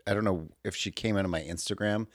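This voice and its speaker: A man's voice: low-pitched, fairly even intonation, quick pace, no echo, studio quality. A man co-hosting a casual chat, blunt and profane, acting out his rants. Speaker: podcast co-host.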